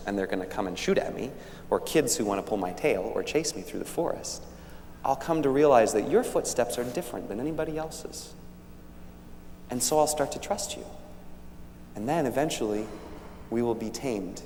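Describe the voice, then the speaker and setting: A man voicing a wary but gentle male fox who explains things slowly and tenderly. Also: medium pitch, animated, lightly acted. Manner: slow, patient, tender explaining. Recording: echoey church hall, faint hum.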